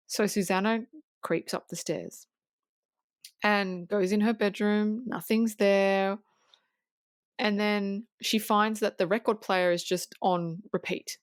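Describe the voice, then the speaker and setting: A woman co-host recaps a film scene in a loose, animated way, full of restarts and frank words. Her pitch sits in a middle range. The recording is dry and close. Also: takes it slowly, dry recording. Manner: animated scene retelling with restarts and casual swearing. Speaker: podcast co-host. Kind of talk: casual film review chat.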